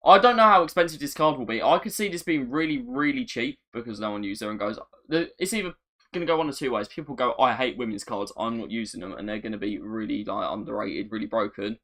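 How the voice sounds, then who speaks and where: A man chatting on a live stream, excitable and self-mocking, often repeating himself. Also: medium pitch, quick pace. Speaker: gaming streamer. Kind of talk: casual live-stream chat.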